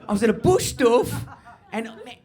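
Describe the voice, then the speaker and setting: A man's voice: extremely high pitch, animated, moderate pace, a little mellow. A man with an Australian accent voicing a rambling hippie stoner uncle in his late fifties, drawling dreamily and saying "man" over and over. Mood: stoned rambling.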